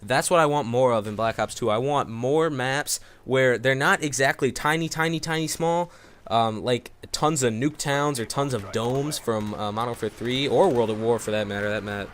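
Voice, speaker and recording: A man's voice: medium pitch, normal speed, fairly bright tone, slight background noise. A young man giving casual gameplay commentary, rambling and repeating words with many fillers. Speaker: gaming commentator.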